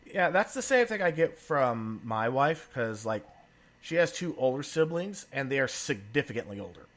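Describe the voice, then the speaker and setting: Bright-voiced man telling stories. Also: mid-range voice, moderate pace. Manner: animated storyteller, laughs often. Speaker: podcast co-host. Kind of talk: casual conversational storytelling.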